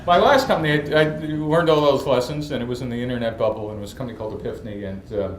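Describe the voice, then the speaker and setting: Lively storytelling man, echoey room. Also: mid-range voice, very fast, a little hiss or hum. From New York. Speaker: entrepreneur guest. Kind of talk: storytelling interview. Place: event stage. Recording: echoey room from a distance, faint ambience.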